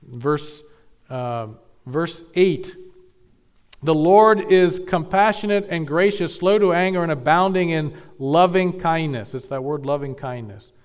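A man preaching a sermon, teaching carefully with measured emphasis and occasional restarts. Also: fairly high pitch, clear, resonant tone. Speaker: pastor.

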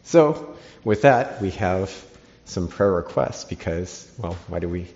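A man's voice: sits low, animated, slow, a little mellow. A man preaching a sermon in an earnest teaching manner, reading scripture aloud to his listeners. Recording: dull lo-fi recording.

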